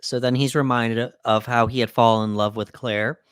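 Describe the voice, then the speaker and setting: A man co-hosting a podcast, recapping a film in a relaxed, easygoing way. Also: medium pitch, moderate pace, clean tone, dry recording, studio quality. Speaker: podcast co-host. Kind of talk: casual movie breakdown chat.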